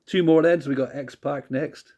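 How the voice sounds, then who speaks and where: A man's voice: on the high side, steady tone, normal speed, mellow. Laid-back man reviewing music, swearing casually. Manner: laid-back, frequent laughs and swearing, rambling asides.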